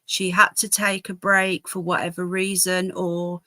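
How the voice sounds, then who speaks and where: Woman, casual home live stream, chatty, slow-paced, dry close sound. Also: fairly low pitch, flat delivery, pushed and bright, no room sound. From England. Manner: chatty, talks to her dogs and viewers. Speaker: livestream host. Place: home, indoors.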